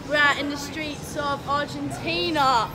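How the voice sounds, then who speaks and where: A woman's voice: high-pitched, steady tone, unhurried. A woman chatting playfully and teasingly with a friend while out in a city street. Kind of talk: casual chat with a friend. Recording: outdoors in a noisy street. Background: street crowd and traffic.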